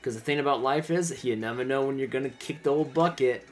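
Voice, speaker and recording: A man voicing a gruff, streetwise male walking-bomb sailor in a game, blunt and folksy. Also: mid-range voice, fairly quick, faint music behind, natural voice.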